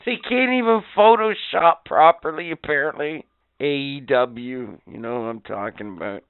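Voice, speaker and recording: A man's voice: fairly high pitch, normal speed, smooth, dry recording, phone-quality sound. A man co-hosting a podcast, telling a story in crude, sarcastic casual chat and swearing often. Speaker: podcast co-host.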